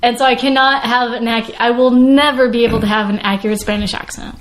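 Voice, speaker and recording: A woman with a high, bright-pitched voice chats playfully on a podcast, giggling through her jokes. A steady hiss of noise runs under the recording. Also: fast talker. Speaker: podcast co-host. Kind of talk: casual chat.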